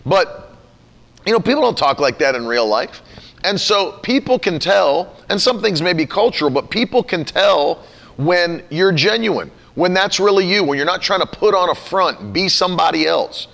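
A man with a fairly high voice talks like a casual preacher. He is animated, breaks into laughter, and slips into quick imitations of other people to make his point. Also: gravelly. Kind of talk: casual teaching talk.

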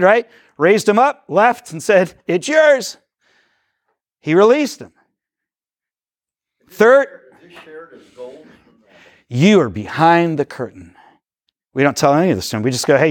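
A man giving a teaching talk to a live audience, energetic and rambling, often correcting himself and acting out little dialogues. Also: sits high, dry recording, clean studio sound. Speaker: discipleship workshop speaker.

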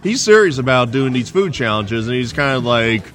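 A man's voice: mid-range voice, sing-song, normal speed, a bit bright. A man co-hosting a podcast in casual chat, easygoing and joking, recorded in a resort bar. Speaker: podcast co-host. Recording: faint bar music behind.

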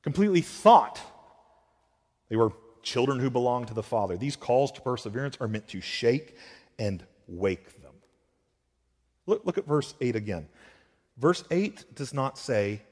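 Man preaching with lively emphasis. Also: mid-range voice, long reverb tail. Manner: emphatic preaching with swings from loud to hushed. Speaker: pastor. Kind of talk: sermon.

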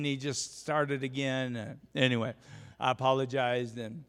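A man preaching a sermon as a pastor, telling a story with lively swings from quiet asides to shouting. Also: mid-range voice, normal speed. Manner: animated, shouts in storytelling peaks. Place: church sanctuary. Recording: long church reverb.

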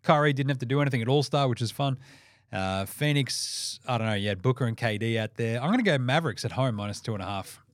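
A man's voice: medium pitch, dry recording. Brash Australian man podcasting, dry close sound. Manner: brash, swearing, quick, animated. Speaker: sports podcast host. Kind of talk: casual sports betting picks chat.

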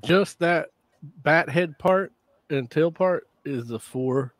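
A man co-hosting a casual podcast chat, animated and chatty, swearing freely. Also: fairly high pitch, slow, no echo. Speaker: podcast co-host.

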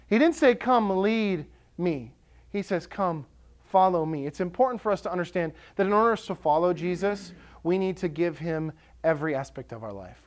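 A male pastor preaching a sermon, impassioned and building to emphatic declarations. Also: high voice.

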